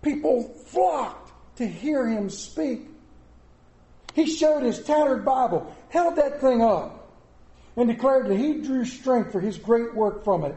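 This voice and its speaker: A middle-aged pastor preaching a sermon in a church, animated and mixing comic asides with scripture. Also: male voice, extremely high pitch, slow pace, roomy sound. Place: church sanctuary.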